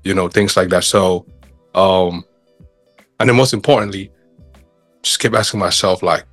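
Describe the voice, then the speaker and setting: Man in a book discussion, lowish voice, dry close sound, animated and rambling with fillers. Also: moderate pace, long pauses, no room sound, faint music behind. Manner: animated, rhetorical questions, many fillers. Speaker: book club member. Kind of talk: casual discussion.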